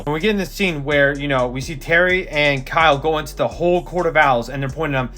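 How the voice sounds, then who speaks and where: A man with a somewhat high-pitched voice gushes through a comic book recap in a loose, casual way. He rambles, swears freely and leans on fillers. Faint music plays quietly underneath. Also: fast, few pauses. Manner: enthusiastic, profane, rambling with many fillers.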